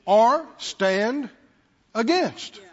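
A male pastor with a very high voice preaches slowly and emphatically, repeating key words and calling on the congregation to answer back. His voice rings through a long hall reverb in a church sanctuary, and the recording sounds dull and lo-fi. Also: expressive. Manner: emphatic, repetitive call-and-response with the congregation. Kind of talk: sermon.

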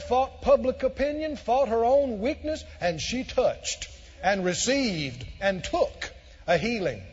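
High-voiced preacher in a ringing hall. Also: male voice, slightly rough, muffled recording. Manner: emphatic, repeats phrases, swells to shouts. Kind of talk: sermon.

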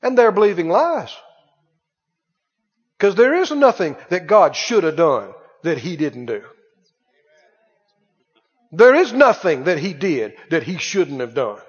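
A man preaching a sermon, swinging between hushed and loud and asking rhetorical questions. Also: high voice, very animated, slow pace, long pauses, slightly rough. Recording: dull reverberant hall sound.

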